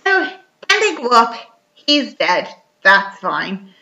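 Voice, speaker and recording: A young woman recapping a film in casual chat, telling it lively and full of "like". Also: on the high side, slow pace, faint music behind. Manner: chatty, lively retelling full of "like" and quoted lines. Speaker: podcast co-host. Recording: echoey room, slightly dull sound.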